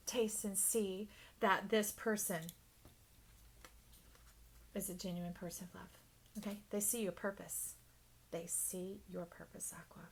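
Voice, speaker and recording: Animated woman giving a tarot reading. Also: medium pitch, unhurried, long pauses, a little hiss or hum. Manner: animated, drops to soft whispers. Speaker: tarot reader.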